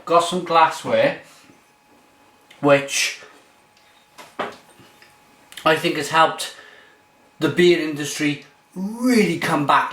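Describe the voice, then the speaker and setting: A man's voice: a little high, takes it slowly, pauses often, a bit bright. A man giving a casual, enthusiastic beer tasting review. He rambles with fillers as he talks. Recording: roomy echo, mic far off.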